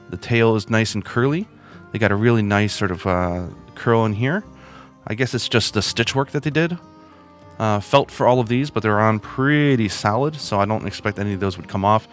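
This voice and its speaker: A man's voice: on the low side, a bit bright. A man hosting a video and reviewing plush toys in a chatty, casual way, with lots of asides. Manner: chatty, with many fillers and asides.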